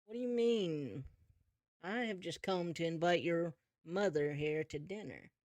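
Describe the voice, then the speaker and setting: A man's voice: a little high, a little slow, a little mellow, no room sound, natural voice. A man voicing a menacing, mocking wolf king who taunts and sings his threats in a tabletop role-play.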